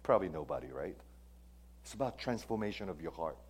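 A pastor with a low, husky voice preaches a sermon fast and animatedly. He poses questions to the congregation and swings between loud, stressed phrases and hushed, near-whispered lines.

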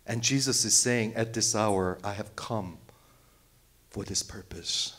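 A man preaching a sermon, asking the congregation rhetorical questions, swinging from loud outbursts to hushed near-whispers. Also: lowish voice, takes it slowly. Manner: rhetorical questions, repeats phrases.

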